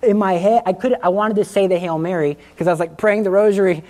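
A man's voice: high voice, fast. A man in his thirties gives an informal Catholic talk built around his own story. He tells it vividly, acting out what people said and laughing at himself along the way. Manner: animated, acts out quotes, laughs at himself. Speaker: Catholic speaker giving a testimony.

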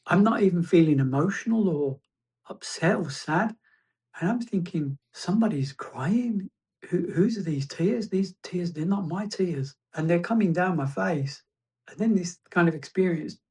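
A man sharing a personal testimony as a guest, reflective and halting, often restarting his phrases. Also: on the high side.

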